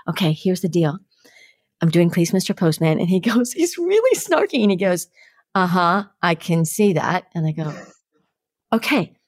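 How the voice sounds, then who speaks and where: A middle-aged woman, a podcast guest telling stories with lively energy and acting out the voices in them. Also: medium pitch, no echo, studio quality. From New York. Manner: lively, acts out the voices in her stories, laughs often. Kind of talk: animated storytelling.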